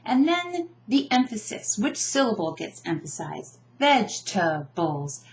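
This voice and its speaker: Slow-spoken woman teacher enunciating words. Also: sits high, big pitch swings. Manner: casual, often checks in with a "right?". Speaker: language teacher. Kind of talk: explaining pronunciation to camera.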